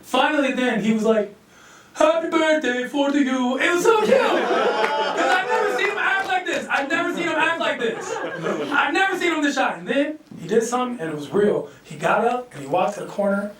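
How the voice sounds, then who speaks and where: A male stand-up comedian telling a loose, animated story and acting out the quotes, at a live comedy venue. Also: very high voice, a little fast, a faint crowd, a little hiss or hum. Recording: echoey room, distant mic.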